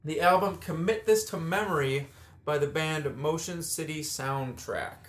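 Chuckling man with a slightly high voice. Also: a little slow. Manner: laughs often, rambling. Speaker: podcast co-host. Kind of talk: casual chat.

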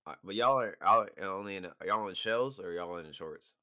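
A man's voice: low voice, brisk, bright, forceful tone. A tipsy young man chatting casually with laid-back slang, teasing and apologetic by turns. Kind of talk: casual chat.

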